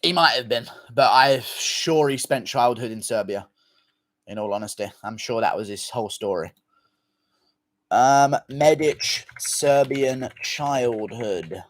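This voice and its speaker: A man's voice: lowish voice, steady tone, normal speed, a bit bright, no echo. A man hosting a casual livestream, reading viewer comments in a loose, offhand manner and swearing freely. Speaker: livestream host.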